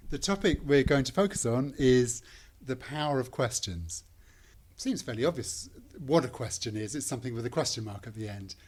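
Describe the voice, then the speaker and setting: A man's voice: medium pitch, lively intonation, normal speed, breathy edge. Podcast host: man asking probing questions with a dry wit. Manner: probing, dryly humorous questions. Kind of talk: interview conversation.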